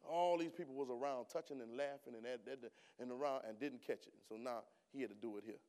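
Man preaching with loud rhetorical bursts. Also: medium pitch, quick pace, clear, resonant tone. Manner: conversational, rising to loud emphatic bursts; colloquial, rhetorical questions to the congregation. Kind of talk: sermon. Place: church.

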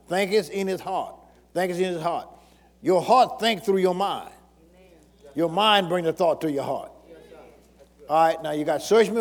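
Preaching in a large hall, this pastor speaks in a high voice, returning to phrases repeatedly and throwing questions out to the congregation.

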